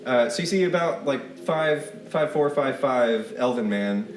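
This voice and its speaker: A man's voice: medium pitch, expressive, unhurried, echoey room, recorded from a distance. A man running a tabletop game as game master, describing scenes in a loose, chatty way with many fillers.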